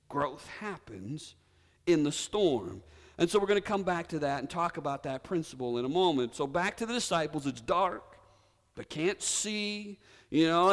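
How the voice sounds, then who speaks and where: A man preaching a sermon, telling a story with drama and leading the congregation to repeat words together. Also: high-pitched. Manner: animated storytelling preacher, leads congregation in call-and-response. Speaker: pastor. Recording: reverberant hall.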